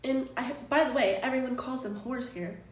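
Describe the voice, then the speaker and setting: Woman streamer, slightly high voice, in an echoey room, exasperated rambling chat. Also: moderate pace. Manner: exasperated, rambling, swears freely. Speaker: Twitch streamer. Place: apartment room. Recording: echoey room, distant from mic.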